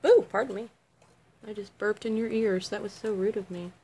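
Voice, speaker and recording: A woman's voice: medium pitch, fairly even intonation, moderate pace, mellow, slight background noise. A middle-aged woman making a craft video, chatting casually on a livestream, giggly and self-mocking.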